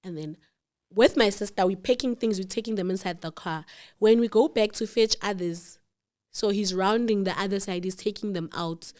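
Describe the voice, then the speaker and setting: Animated woman storyteller. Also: mid-range voice, moderate pace. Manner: animated, acts out quoted dialogue, laughs in disbelief. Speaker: guest. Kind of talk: personal storytelling.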